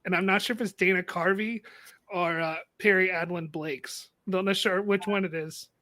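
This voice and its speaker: A man on a casual film podcast as a guest, making wry, deadpan jokes. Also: sits high, normal speed, no echo. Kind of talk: casual movie review chat.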